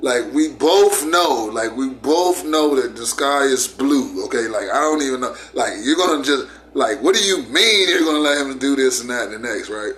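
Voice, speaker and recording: A man's voice: medium pitch, animated, normal speed, few pauses, a bit bright, a little hiss or hum, natural voice. A man voicing an indignant tiger pleading his case. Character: stubborn male tiger insisting on truth.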